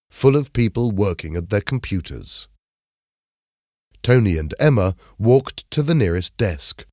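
A man reading a simple story aloud in clear, measured narration. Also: lowish voice, a little mellow, no room sound, clean studio sound. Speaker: storybook reader. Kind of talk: scripted narration of a graded reader.

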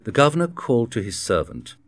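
A man reading a storybook aloud in a slow, clear narration. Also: mid-range voice, wildly swooping pitch, dry recording. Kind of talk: scripted narration.

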